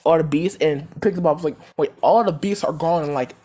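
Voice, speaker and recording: Low-voiced woman rambling through a fan story. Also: brisk, dark tone, slightly rough. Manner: rambling, filler-heavy, cursing, laughing. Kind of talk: casual fan-story retelling.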